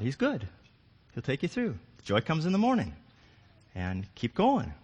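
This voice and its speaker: A man's voice: mid-range voice, husky. Passionate older male preacher, wide-swinging voice. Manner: passionate, swings from hushed to loud pleading. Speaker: pastor. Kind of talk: sermon.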